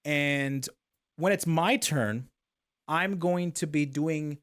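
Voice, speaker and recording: A man hosting a casual talk stream takes his guest through the rules one step at a time, checking in with "okay?". His voice is fairly high, slow-paced, and a bit bright.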